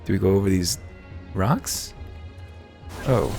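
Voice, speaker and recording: Gravelly deep-voiced man with hiccups. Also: sing-song, a little slow, long pauses, faint music behind. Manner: wry, profane, mumbled asides. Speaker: gamer playing through a story. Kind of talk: casual let's-play commentary.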